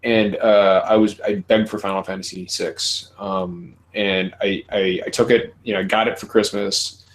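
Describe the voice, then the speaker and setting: A man in his thirties hosts a casual podcast conversation with a slightly low voice. He talks candidly, swears freely and laughs often. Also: flat delivery, normal speed, hardly any pauses, rough recording. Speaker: podcast host.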